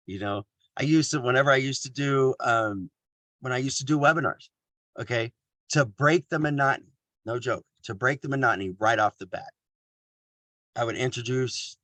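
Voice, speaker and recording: A man's voice: medium pitch, a bit bright, dry recording. A man from Kansas giving a casual motivational talk on a video call, joking at his own expense and laughing often.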